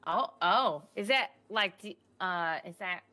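A woman's voice: lowish voice, animated, a little slow, bright, forceful tone. A woman voicing a ditzy, chatty young woman in a roleplay game, wandering off mid-sentence. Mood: airy chatty. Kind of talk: in-character roleplay chat.

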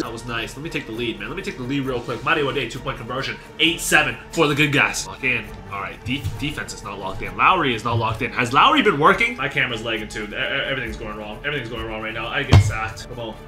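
A man streaming a game, commenting live, excitable and frustrated, swinging from muttering to yelling and swearing. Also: medium pitch, quick pace, few pauses. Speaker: gaming streamer. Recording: echoey room with game music.

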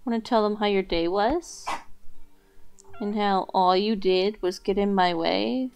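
A woman chats at an easy, slow pace while drawing live on stream. She coos affectionately at her pets between remarks, her pitch sitting in a middle range. Faint music plays quietly under her voice. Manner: chatty, coos and baby-talks to her pets. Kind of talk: casual chat while drawing.

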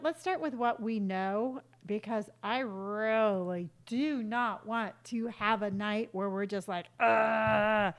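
A woman streamer chatting casually with her viewers while starting a game, greeting each one by name and yelping when startled. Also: on the high side. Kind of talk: casual live-stream chat while gaming.

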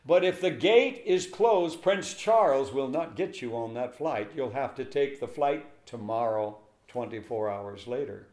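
An older man who works as a pastor narrates a story in an interview, a little slowly and with hardly any pauses. His pitch is medium, and he animatedly voices the people in the tale. Echo from the room is audible.

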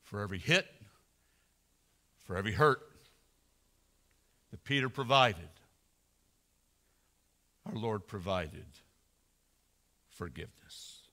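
Male senior pastor, dramatic sermon delivery, unhurried, bright and forceful. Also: medium pitch. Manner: slow dramatic preaching, swelling and dropping to near whisper.

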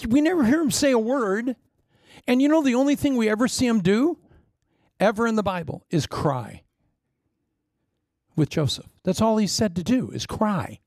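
Man, preacher, animated sermon, fairly high voice, gravelly. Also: moderate pace, pauses often, dry recording, studio quality.

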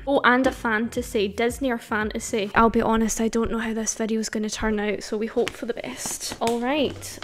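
A young Scottish woman chatting in a casual unboxing vlog, excitable, gushing and rambling as she talks. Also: a little high, background noise. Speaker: YouTuber.

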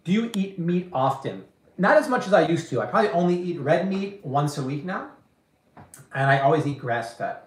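A man with a fairly high voice hosts a live cooking stream from his kitchen. He answers viewer questions in a casual, slangy and emphatic way. The room gives his voice a clear echo. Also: lively intonation, normal speed, slight background noise. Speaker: cooking show host.

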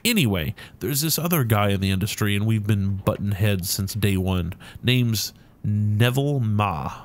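A man voicing a rotund, balding male dwarf film producer who talks in a brash, pushy way with a rough put-on New York accent. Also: lowish voice, lively intonation, normal speed, lightly acted. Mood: boastful.

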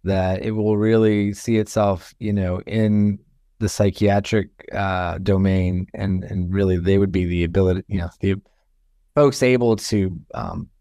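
Man from Florida, low smooth voice, professor guest, measured and thoughtful, dry close mic. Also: fairly even intonation, mellow, no echo. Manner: thoughtful, measured, many fillers. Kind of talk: casual interview talk.

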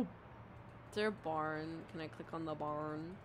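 A woman's voice: deep voice, moderate pace, background noise. A woman streamer giving casual commentary as she plays, chatty and swearing as she thinks aloud. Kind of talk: gameplay commentary. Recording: loud game music under the voice.

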